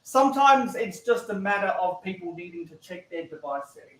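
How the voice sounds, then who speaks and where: A man's voice: high-pitched, lively intonation, fairly quick, reverberant, poor audio. A man hosting a casual live stream, chiming in with short, matter-of-fact remarks. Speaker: channel host.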